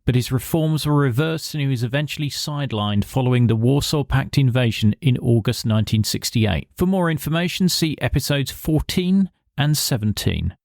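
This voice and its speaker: Male podcast host, mid-pitched, dry recording, steady scripted read. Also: gravelly, no echo. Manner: measured, informative read. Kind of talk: scripted explanatory aside.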